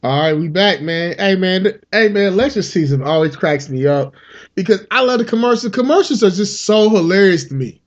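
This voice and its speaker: High-voiced comedian guy riffing, cussing a lot, dull lo-fi sound. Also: fairly quick, faint music behind. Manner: animated, profane, slips into character voices. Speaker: podcast host, comedian. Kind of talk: casual comedic monologue.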